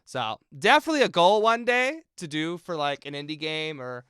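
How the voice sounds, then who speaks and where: A man's voice: a little high, expressive, normal speed, bright, forceful tone, smooth, dry recording, clean studio sound. A man, a film composer, chatting casually and thinking aloud as he mixes game music on a live stream and answers viewers in chat.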